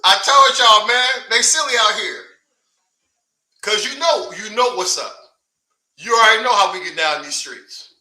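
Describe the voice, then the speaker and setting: High, bright-voiced man ranting in an echoey room. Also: expressive, unhurried, pauses often. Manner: taunting, confrontational, heavy swearing; breaks into scoffing laughs. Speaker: online streamer. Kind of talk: heated livestream rant.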